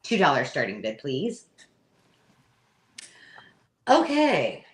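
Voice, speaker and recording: A woman's voice: low-pitched, lively intonation, unhurried, a bit bright. A middle-aged woman hosting a live craft supply sale, chattily describing each item as she handles it. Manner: chatty, describing items while handling them. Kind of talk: live selling chat.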